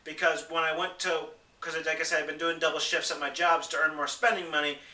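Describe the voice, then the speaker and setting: A young man ranting to camera in an upset, emotional way, sometimes mocking other people in high voices. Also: flat delivery, a little fast, sharp tone, reverberant, recorded from a distance. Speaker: vlogger. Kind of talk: upset personal rant to camera.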